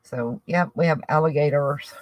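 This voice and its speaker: A woman's voice: deep voice, normal speed, no room sound, poor audio. A woman with a Southern US accent chatting casually to viewers, rambling and thinking aloud as she works on a craft project. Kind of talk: casual crafting chat to camera.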